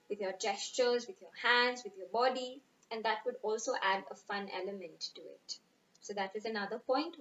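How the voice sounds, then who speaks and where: A woman teaching poetry recitation, speaking slowly and expressively and stressing words for effect. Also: fairly high pitch, roomy sound, dull audio, a little hiss or hum. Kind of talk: recitation lesson.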